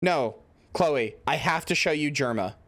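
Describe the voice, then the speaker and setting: A man's voice: on the high side, lively intonation, unhurried, fairly bright tone. A man streaming a game in casual commentary, rambling with many fillers and swearing into a headset mic.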